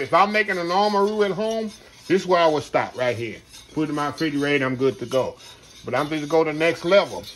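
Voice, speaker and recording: Man, middle-aged, folksy rambling cooking host, slightly higher voice. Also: slight background noise. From Texas. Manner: folksy, rambling, addresses viewers as y'all. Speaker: home cook host. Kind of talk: casual cooking demonstration.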